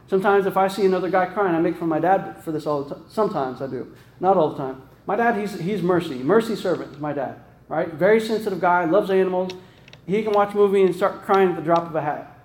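A man with a fairly high voice preaches in a loose, conversational way, checking in with his listeners through frequent "right?" and stopping to restart his phrases. His voice rings around an echoey room. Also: darkish tone. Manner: casual, peppered with "right?" tag questions and restarts. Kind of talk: conversational sermon.

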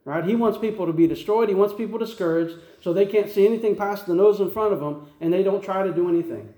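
A man preaches in a relaxed, folksy style, repeating his words as he thinks and checking in with "right?" His voice sits high but sounds soft and warm. The room has a noticeable echo. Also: quick pace. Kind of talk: conversational sermon.

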